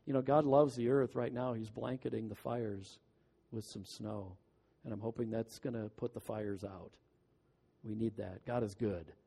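A man's voice: fairly low pitch, steady tone, moderate pace, creaky, mellow, slightly rough, in a large hall. A man preaching a sermon, earnest and emphatic, with folksy asides. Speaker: pastor.

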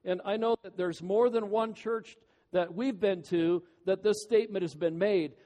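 A man's voice: high-pitched, lively intonation, measured pace, mellow. Guy pastor giving a sermon, pleading tone, drags out the big words, echoey hall sound. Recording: long hall reverb.

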